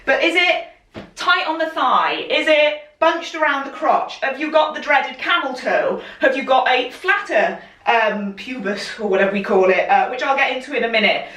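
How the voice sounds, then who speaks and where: A woman's voice: high voice, pushed and bright. Chatty woman in an echoey room. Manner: chatty and encouraging, laughs often. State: out of breath. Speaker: sewing pattern instructor. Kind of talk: live-streamed sewing tutorial. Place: room, speaking while moving in front of camera. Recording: echoey room, voice a bit far from mic.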